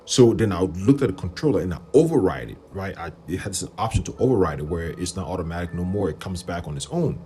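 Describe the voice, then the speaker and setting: Deep-voiced man telling a story. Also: fast, hardly any pauses, soft background music. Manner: animated, rambling, quotes people in raised voices. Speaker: livestream host. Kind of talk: casual storytelling on a livestream.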